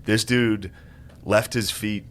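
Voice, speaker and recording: A man's voice: fairly low pitch, fairly even intonation, takes it slowly. A man casually telling a story on a podcast, swearing, laughing and acting out what people said. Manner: loose, laughing, swearing, acts out quotes.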